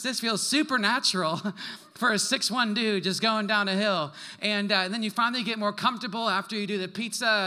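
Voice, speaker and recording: A young adult man preaching a sermon to a congregation, telling stories in an animated way with quick asides and laughs. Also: high voice. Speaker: pastor.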